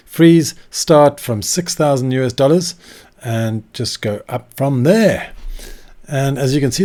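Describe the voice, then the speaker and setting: A man walks his viewers through a list in a relaxed, chatty vlog manner. He talks to the camera with easy asides and fillers, in a voice of middling pitch. It was recorded indoors. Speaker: vlog host. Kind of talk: casual explainer vlog. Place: indoor room.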